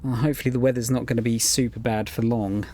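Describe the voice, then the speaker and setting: A man's voice: mid-range voice, fairly even intonation, quick pace, dark tone. A man chatting wryly while he plays and comments on a game. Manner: chatty, wry. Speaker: streamer. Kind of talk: casual gameplay commentary.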